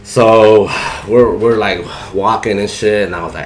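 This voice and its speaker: A man's voice: low-pitched, steady tone, fairly quick, few pauses, slight background noise. A man casually telling a rambling, profane story in heavy slang, often saying "you know what I'm saying". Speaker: barber telling a story on a podcast.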